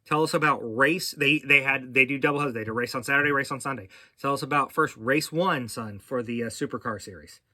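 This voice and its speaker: A man's voice: mid-range voice, quick pace, hardly any pauses, sharp tone, no echo, clean studio sound. A man hosting a casual racing podcast, talking in a rambling way with many fillers and restarts. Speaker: podcast host.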